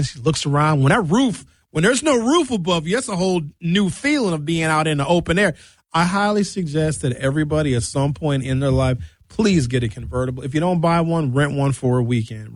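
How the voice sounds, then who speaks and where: On a dry, studio-quality recording, a man with a breathy edge to his voice hosts a comedic radio monologue. He tells comic stories loosely, joking as his pitch swings widely.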